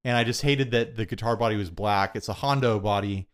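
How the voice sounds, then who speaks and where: A man's voice: fairly low pitch, a little fast. Young male co-host, loose self-deprecating rambler with frequent laughter. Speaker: podcast co-host. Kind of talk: casual chat.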